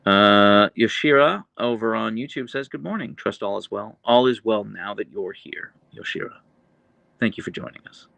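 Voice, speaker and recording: Casual streamer, male, deadpan dry delivery, bright gravelly tone, close dry sound. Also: lowish voice, normal speed, no echo. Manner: chatty, earnest, with restarts and laughs. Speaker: livestream host reading chat. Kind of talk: casual live stream chat.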